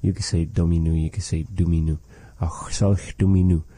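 A man teaching a language lesson, slowly and patiently repeating words for a learner. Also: deep voice, little pitch movement, dark tone, dry recording, low-quality recording.

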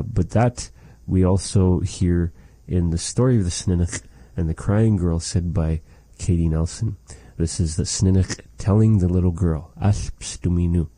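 A man's voice: low voice, warm tone, breathy edge, no room sound. A man teaching a language lesson, patiently explaining phrases and repeating words.

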